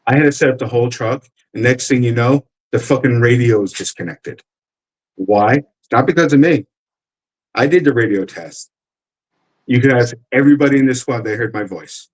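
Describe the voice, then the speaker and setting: A man's voice: mid-range voice, normal speed, low-quality recording. A man with a New York accent telling profane army stories in casual chat, acting out what others said. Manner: profane, animated, acts out quotes.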